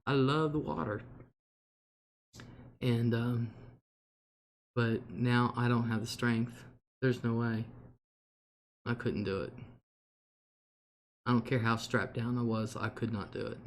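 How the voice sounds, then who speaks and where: A man's voice: medium pitch, darkish tone, a little hiss or hum. Chatty man hosting a home livestream. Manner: chatty, laughs often, reads out viewer comments. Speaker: livestream host. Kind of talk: casual livestream chat. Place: home, at a table.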